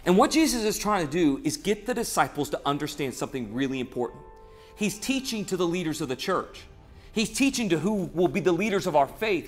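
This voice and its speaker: A man speaking as a pastor in a short online devotional sermon, earnest and conversational, retelling scripture with animation. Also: fairly high pitch.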